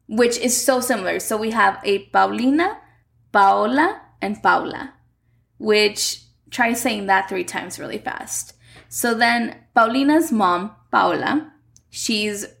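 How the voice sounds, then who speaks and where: A woman's voice: mid-range voice, vocal fry, fairly bright tone. A young woman recapping a telenovela in a casual, chatty way, filling her sentences with "like". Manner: chatty, uses "like" a lot.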